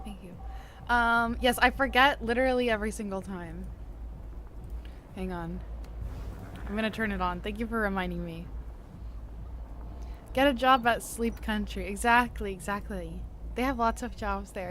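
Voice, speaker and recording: A woman's voice: mid-range voice, slight background noise. A woman streaming a game, chatting casually and playfully with her chat and laughing often. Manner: playful and giggly, greets chat warmly. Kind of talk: casual live-stream chat while gaming.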